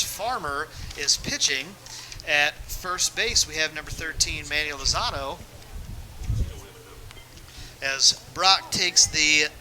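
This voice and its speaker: A man's voice: a little high, sharp tone, slight background noise, poor audio. A man giving chatty, joking play-by-play commentary of a youth baseball game from a press box. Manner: chatty, jokey, quick with restarts. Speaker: play-by-play announcer. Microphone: press box mic.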